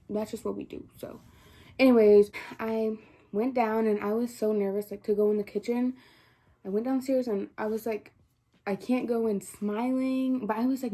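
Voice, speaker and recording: A woman's voice: mid-range voice, dark tone. A teenage girl vlogging, chatting through a personal story with lots of "like" and quoted dialogue, close to crying. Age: teens. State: near tears. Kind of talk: casual storytelling to camera.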